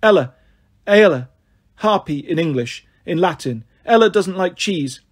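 A man's voice: high-pitched, lively intonation, slightly rough, exaggerated voice. A man doing Ella, a stuttering jittery harpy. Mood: twitchy. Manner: stuttering, repetitive, talks without pause. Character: skittish starving female harpy, jittery.

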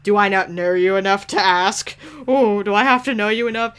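Smooth-voiced woman sarcastically narrating gameplay. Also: mid-range voice, normal speed, few pauses, a bit bright. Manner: sarcastic, profane, bossing game characters around. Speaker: gaming YouTuber. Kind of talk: casual gameplay commentary.

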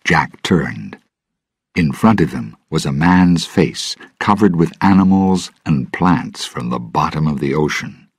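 Slow, deep-voiced male storyteller with a gravelly, husky voice. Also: lively intonation, no room sound, studio quality. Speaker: narrator. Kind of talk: storybook narration for English learners.

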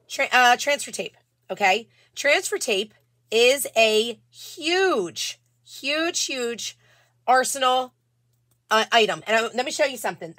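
Bright, chatty woman hosting a live stream. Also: a little high, no room sound. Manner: chatty, greets viewers by name, restarts sentences. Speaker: live-selling craft host. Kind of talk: casual live-stream chat.

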